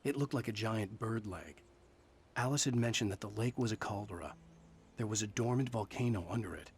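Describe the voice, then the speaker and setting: An actor playing a brooding male writer who narrates his own story in a calm, measured way. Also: fairly low pitch, slight background noise, lightly acted. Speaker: game narrator. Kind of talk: scripted narration.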